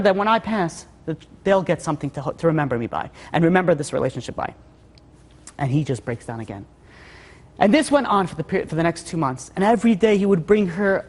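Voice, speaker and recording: A man giving a holiday sermon as a rabbi. He tells a tender story in a hushed voice, then preaches with rising emphasis. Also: sits high, long reverb tail.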